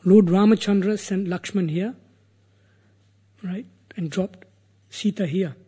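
A man's voice: high-pitched, takes it slowly, husky. A man earnestly retelling a sacred epic as a sermon, acting out the characters' words. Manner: earnest, animated, voices the characters. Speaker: religious storyteller.

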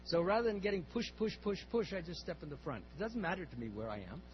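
A man's voice: high voice, lively intonation, fast talker. An older man speaking at a temple class, telling a story in a rambling way with repeated words and restarts. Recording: slightly muffled, faint hum.

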